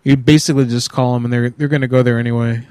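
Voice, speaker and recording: Crude, swearing prank-calling streamer. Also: male voice, medium pitch, fairly even intonation, quick pace, low-quality recording. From Puerto Rico. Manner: crude, swearing, loud angry outbursts. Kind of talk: prank call livestream.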